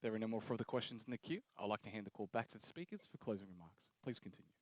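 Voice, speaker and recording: A man's voice: on the low side, animated, racing, dry recording. A male conference call operator reading formal scripted announcements. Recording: dry lo-fi audio.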